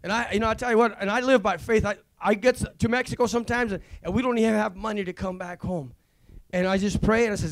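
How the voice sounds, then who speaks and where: High-voiced excitable male pastor. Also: fast talker. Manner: rambling, excitable, many restarts. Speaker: visiting pastor. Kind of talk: informal testimony at a church service. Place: church sanctuary.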